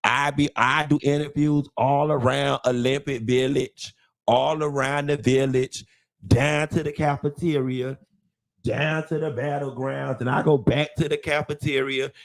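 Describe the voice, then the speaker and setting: Flamboyant male host of a live stream, sassy and playful, mid-pitched voice. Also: steady tone. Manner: flamboyant, sassy, drawn-out endearments; dramatic, playful rambling.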